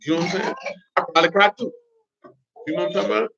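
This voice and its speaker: A man's voice: high-pitched, rapid-fire, creaky. A man giving informal, blunt religious teaching in streetwise slang, with laughing asides. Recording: dull lo-fi recording.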